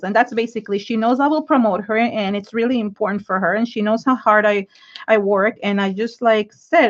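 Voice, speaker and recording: A middle-aged Israeli woman whose first language is Hebrew chats frankly and effusively with viewers on an art livestream while inking, rambling with many fillers and restarts. Her voice is medium in pitch, steady in tone and fairly quick. The livestream audio is dull and lo-fi.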